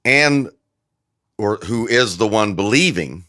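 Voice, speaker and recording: A man's voice: on the low side, animated, slow, bright, forceful tone, dry recording, clean studio sound. A male guest theologian patiently explaining Greek grammar in a casual discussion, with frequent fillers.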